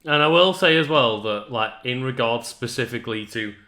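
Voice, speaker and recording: A man co-hosting a casual podcast chat, agreeable and quick to chime in with short affirmations. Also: mid-range voice, lively intonation, pushed and bright, echoey room. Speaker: podcast co-host.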